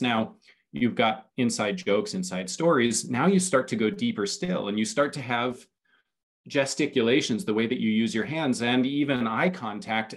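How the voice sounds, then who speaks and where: A man who is a guest on a podcast, explaining his ideas with enthusiasm and building up his points as lists. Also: medium pitch. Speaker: podcast guest, community consultant. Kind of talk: casual interview chat.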